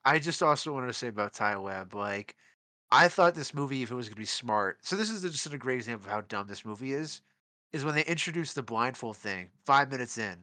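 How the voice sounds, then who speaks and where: A man with a bright, forceful voice co-hosting a casual podcast. He rants with sardonic exasperation and lands his complaints with punch. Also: mid-range voice, expressive, brisk, no echo. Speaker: podcast co-host.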